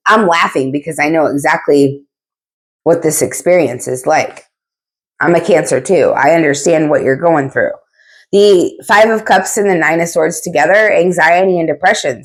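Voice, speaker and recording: Blunt, chatty woman reading tarot. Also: fairly low pitch. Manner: blunt, chatty, swears casually, repeats herself. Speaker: tarot reader. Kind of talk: casual spoken tarot reading.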